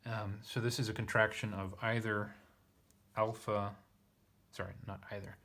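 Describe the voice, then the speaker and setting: Lowish guy voice, kinda hesitant, fixes himself a lot, walking thru a verse. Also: little pitch movement, brisk, bright, forceful tone. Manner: hesitant, thinks aloud, corrects himself. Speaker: Greek teacher. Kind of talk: casual lesson reading.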